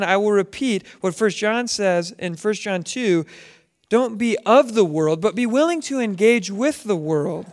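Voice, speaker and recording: High-voiced man teaching a sermon. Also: fairly bright tone, clean tone. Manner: conversational, asks the audience questions. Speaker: Bible teacher. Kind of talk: sermon to a congregation.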